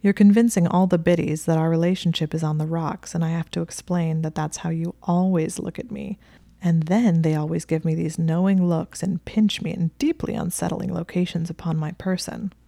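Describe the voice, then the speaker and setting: A woman's voice: lowish voice, steady tone, normal speed, creaky, mellow, dry recording. A woman voicing a teasing, possessive young male wizard librarian in a story reading. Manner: teasing, smug.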